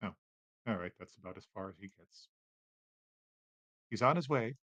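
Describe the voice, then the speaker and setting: A man with a fairly low voice runs a tabletop game as its game master. He narrates in a relaxed way and laughs easily. The recording is dry and close. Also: normal speed, dry recording, highs cut off.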